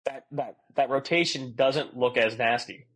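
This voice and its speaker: A man co-hosting a casual sports podcast, animated and quick to laugh. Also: medium pitch. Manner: animated, laughs often, does joking voices. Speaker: podcast co-host.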